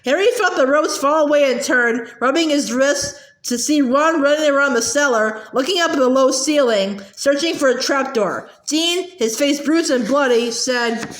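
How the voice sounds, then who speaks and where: A woman reads a novel aloud in a steady voice that sometimes stumbles and clears its throat. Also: high-pitched, normal speed, hardly any pauses, reverberant. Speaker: audiobook reader.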